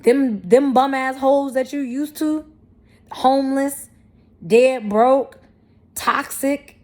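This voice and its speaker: A woman's voice: high voice, steady tone, takes it slowly, a little mellow. A woman in her thirties talking candidly to camera, blunt and profane, with emphatic, self-affirming spiritual talk. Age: 30s. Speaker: vlogger.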